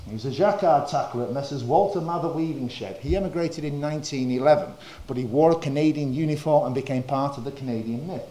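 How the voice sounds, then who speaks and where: Northern guy giving a history talk, mellow voice, kinda roomy hall sound. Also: medium pitch. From northern England. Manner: measured, with frequent uh fillers and quoted passages. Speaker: history lecturer. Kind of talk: lecture presentation.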